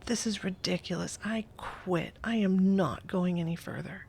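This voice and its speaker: A woman voicing a high-strung, injured male logger who talks in a sharp, exasperated, sarcastic way. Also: a little slow, gravelly, slightly rough, heavily acted.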